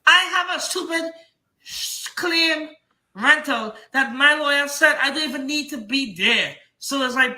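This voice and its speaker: Bright heated Trinidadian man ranting. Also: very high-pitched, normal speed, roomy sound. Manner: rambling, repetitive, heated. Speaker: comic book seller and streamer. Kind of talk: defensive livestream rant.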